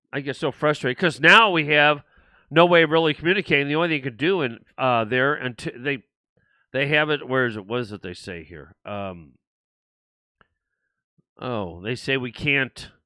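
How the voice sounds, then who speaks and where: An older man hosts his own livestream show, talking alone to viewers in a rambling, frustrated way and restarting often. His voice is fairly high in pitch, bright and forceful, captured in a dry recording.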